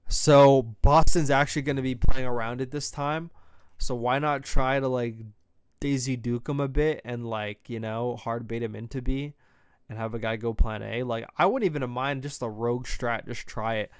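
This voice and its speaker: A young man in the middle of an esports stream, picking apart a match for his viewers. His voice sits at a plain middle pitch, and his delivery is mostly flat and monotone, as he says himself. His speech is casual and slangy, full of swearing. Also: normal speed, clear, resonant tone, dry recording, clean studio sound. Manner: loose, profane, slangy chatter, calls his own voice monotone.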